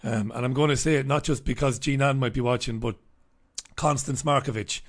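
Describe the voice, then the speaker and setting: A man's voice: medium pitch, steady tone, fairly quick. A middle-aged man hosting a casual live stream, chatting and joking as he greets viewers by name. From Ireland.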